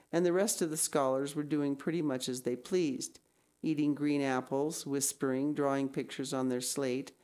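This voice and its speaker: A woman's voice: sits low, darkish tone. A woman reading a classic novel aloud, now and then breaking off into casual asides. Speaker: reader.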